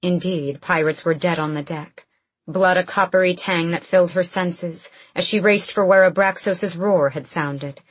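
A woman reads a fantasy audiobook in a measured, steady way. Her voice is slightly low and husky, and she keeps an unhurried pace. The recording is close and dry. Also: no room sound. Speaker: audiobook narrator. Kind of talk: scripted audiobook narration.

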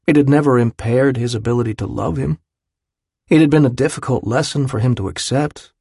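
A man narrating an audiobook in a measured, even reading style. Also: medium pitch, creaky, slightly rough, no room sound, clean studio sound. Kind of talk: scripted narration.

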